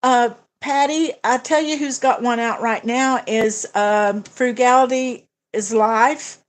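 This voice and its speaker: A woman's voice: fairly high pitch, steady tone, slow. Woman livestream host, casual and hesitant, talks through budget plans with viewers. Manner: chatty, hesitant, many fillers and restarts. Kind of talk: casual livestream chat reading comments.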